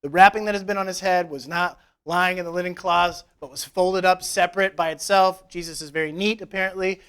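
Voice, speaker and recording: A man's voice: high-pitched, steady tone, fairly quick, fairly bright tone, clean tone. A man preaching a conversational sermon in church, retelling scripture with casual, joking asides. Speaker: pastor. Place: church service.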